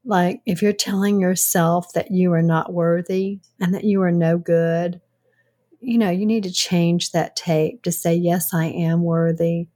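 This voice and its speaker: An older woman co-hosting a casual radio talk show, speaking in a calm, encouraging way. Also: on the low side, unhurried. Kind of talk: casual on-air chat.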